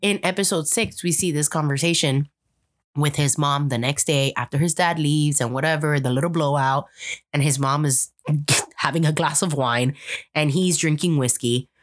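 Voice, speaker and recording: A woman's voice: deep voice, normal speed. A young woman co-hosting a podcast in casual chat, rambling with lots of "like" and acting out quotes from the show. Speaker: podcast co-host.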